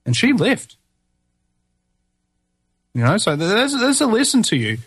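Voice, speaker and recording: A man's voice: high voice, wildly swooping pitch, unhurried, husky, dry recording. A man hosting a talk show, ranting with heated emphasis. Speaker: show host.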